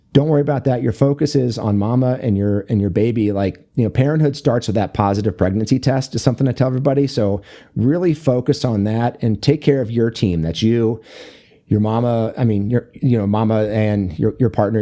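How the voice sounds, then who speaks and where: A man's voice: on the low side, a little fast, warm tone. A man speaking as a guest on an interview podcast about fatherhood, talking casually and rambling with many fillers and restarts. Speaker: fatherhood coach and author, guest.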